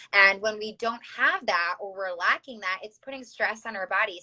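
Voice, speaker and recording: A woman's voice: mid-range voice, sharp tone, low-quality recording. A woman with a Chicago accent, explaining health topics as a podcast guest, using analogies and many fillers and restarts. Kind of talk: conversational podcast interview.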